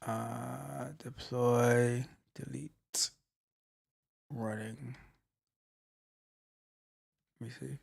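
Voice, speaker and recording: A man coaching on tech during a live coding walkthrough, thinking aloud with halting restarts and trailing off. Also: medium pitch, little pitch movement, gravelly, husky.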